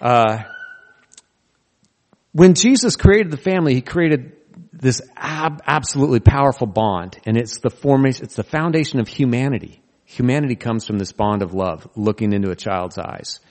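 A man's voice: mid-range voice, normal speed, a little mellow. A male pastor preaching a sermon, telling stories earnestly with touches of humor. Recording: long reverb of a large hall.

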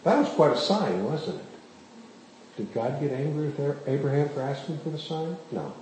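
A man's voice: a little high, normal speed. A man preaching a sermon as pastor, often putting questions to the congregation as he tells the stories. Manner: questions the congregation, animated storytelling. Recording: very echoey room, faint background noise.

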